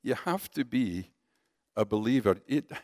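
A man preaching a sermon in a conversational, animated way, talking directly to his congregation. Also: medium pitch, unhurried, dry recording, studio quality.

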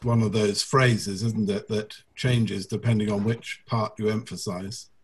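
A man in a small group discussion giving brief, quiet replies. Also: lowish voice, fairly even intonation, measured pace, breathy edge. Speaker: group member.

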